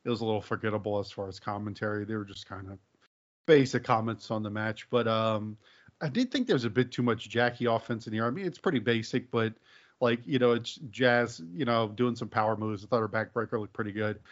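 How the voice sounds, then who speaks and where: A man with a lowish voice hosts a casual wrestling podcast, talking fairly quickly yet laid-back and rambling, with many fillers. The sound is dull lo-fi podcast audio.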